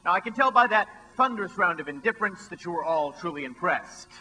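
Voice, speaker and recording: A man's voice: sits high, expressive, quick pace, sharp tone, poor audio. A man presenting a stunt on a stage before a live audience, with dry, sarcastic patter aimed at the crowd.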